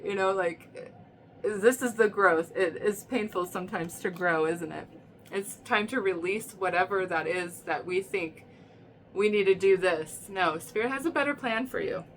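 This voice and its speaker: A woman's voice: medium pitch, fairly bright tone, a little hiss or hum. A woman giving a casual tarot reading in a chatty, rambling way, often checking in with "okay?" and "right?". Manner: chatty, repeats herself, frequent "okay?" and "right?". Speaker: tarot reader.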